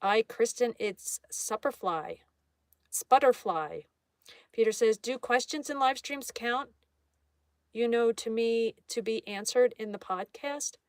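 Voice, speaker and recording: A woman's voice: fairly high pitch, fairly even intonation, a little slow, clean tone, no room sound, clean studio sound. A woman hosting a live art stream in a casual way, reading viewer comments aloud and greeting each viewer. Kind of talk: casual live-stream chat while drawing.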